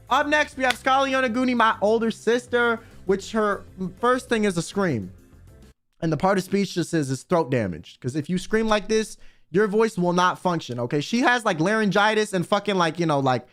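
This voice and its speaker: A young man streamer giving casual, joking commentary with lots of swearing. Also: high-pitched. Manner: animated, profane, joking.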